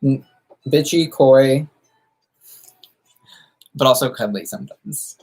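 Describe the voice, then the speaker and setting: A campy, sassy man talks casually on a livestream, firing back answers to his viewers in drag slang. He is from the United States and keeps chatting while he does his makeup. His voice sits at a middling pitch for a man. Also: takes it slowly, a little mellow, slightly rough. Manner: doing makeup while talking. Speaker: drag queen streamer answering viewer questions.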